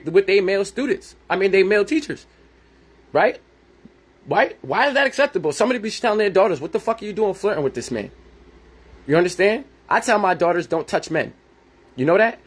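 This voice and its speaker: A man's voice: sits high, slightly rough. A man in his thirties hosting a podcast, giving a blunt, profane, heated monologue and acting out conversations he has had. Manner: reenacts his own conversations. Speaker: podcast host. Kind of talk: ranting monologue.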